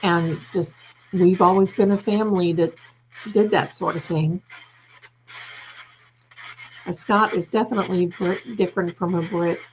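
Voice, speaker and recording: With a lowish, darkish voice, fairly even intonation, a measured pace and long pauses, an American woman hosts a casual home livestream. She reads comments and fondly calls her viewers darling. The lo-fi recording has a little hiss or hum.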